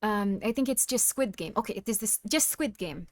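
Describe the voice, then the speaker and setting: A woman streamer putting on a stern voice with a thick mock German-Russian accent, dropping articles and speaking in a flat, deadpan way as she chats with her viewers. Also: mid-range voice, no room sound, studio quality, close to an everyday voice. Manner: drops articles, slow, deadpan menace played for laughs. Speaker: streamer reading chat. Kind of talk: live stream chat.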